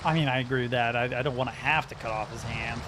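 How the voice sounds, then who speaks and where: A man's voice: mid-range voice, fairly even intonation, fast, background noise. A man streaming a game, commenting casually in a rambling, joking way and laughing often. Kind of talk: casual let's-play commentary.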